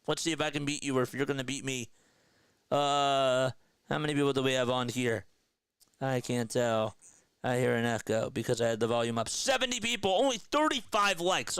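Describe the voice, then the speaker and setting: A man doing live baseball play-by-play for a stream, trading energetic banter with viewers between pitches. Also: smooth, dry recording.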